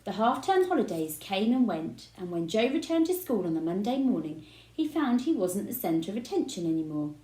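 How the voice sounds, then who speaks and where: A woman reading a children's book aloud with expressive storytelling. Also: medium pitch, moderate pace. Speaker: reader. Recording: roomy echo.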